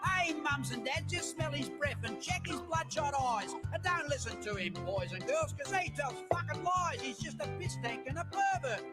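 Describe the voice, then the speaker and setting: A woman's voice: high-pitched, animated, moderate pace, few pauses, over loud music. A woman voicing a foul-mouthed, angry little girl in a crude comedy song, brash and sing-song. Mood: furious ranting.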